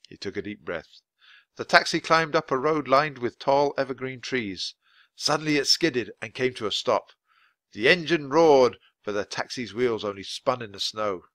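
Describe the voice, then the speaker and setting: A man reading a children's chapter book aloud for English learners, in clear, expressive storytelling. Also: mid-range voice, moderate pace, no room sound. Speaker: audiobook reader.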